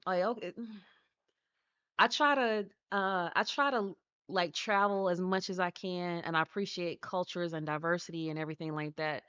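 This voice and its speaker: Chatty woman with a lower voice. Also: normal speed, fairly bright tone, clean tone, muffled recording. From United States. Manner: chatty, rambling, answers chat, laughs often. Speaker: live streamer. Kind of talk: casual live-stream chat.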